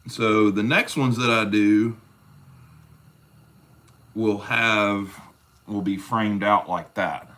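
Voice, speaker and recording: A man with a lowish voice and a drawl, talking through his leather work on a live stream. He rambles along, folksy and easygoing, and calls his viewers brother as he goes. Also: fairly even intonation, slow, pauses often, fairly bright tone. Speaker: leatherworking livestream host. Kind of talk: casual livestream chat while crafting.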